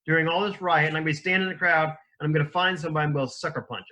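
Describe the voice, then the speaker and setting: A man's voice: fairly high pitch, very fast. A man as a podcast guest, talking casually, joking and acting out little scenes. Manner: animated, jokey, acts out little scenes. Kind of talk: casual chat.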